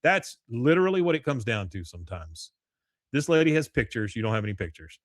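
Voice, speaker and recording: A man casually recapping a cartoon episode on a podcast. His voice sits at a middle pitch, and his talk is loose and rambling. The sound is dry and close, with no room echo. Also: sing-song, a little fast. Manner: loose, rambling, with frequent uh fillers and crude jokes. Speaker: podcast host.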